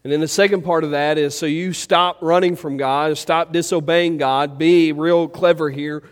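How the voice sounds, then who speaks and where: A pastor preaching a sermon, moving between loud, urgent pleas and quiet, low reflection. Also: male voice, moderate pace. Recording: church hall with long reverb.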